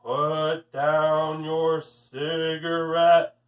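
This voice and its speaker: Man doing a slow, gentle hypnotist doctor. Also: lively intonation, recorded from a distance, phone-quality sound. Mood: hypnotic. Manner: low, slow, gentle and strong. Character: calm sly male psychiatrist hypnotist.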